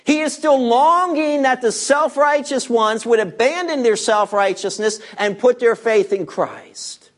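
An emphatic preacher delivering a verse-by-verse sermon. The voice sits at a middling pitch, neither high nor low. Key words are repeated and drawn out slowly for weight. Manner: guides listeners through scripture verses. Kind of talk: expository sermon.

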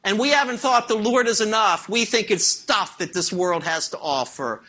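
Bright-voiced preacher man. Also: high-pitched, lively intonation, normal speed. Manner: preaching with rhetorical questions to the congregation. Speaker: pastor. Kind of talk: sermon.

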